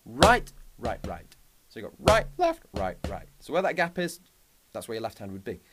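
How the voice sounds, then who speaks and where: A man gives an instructional drum lesson over loud drums and heavy background noise, staying upbeat and chatty while counting out sticking patterns. He speaks a little fast in a lowish voice whose pitch swoops wildly.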